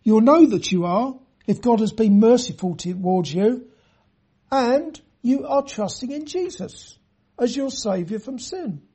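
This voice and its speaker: A preacher giving an earnest sermon, reading scripture in a measured way and speaking straight to the listeners. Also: medium pitch, expressive, mellow, husky. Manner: addresses listeners directly.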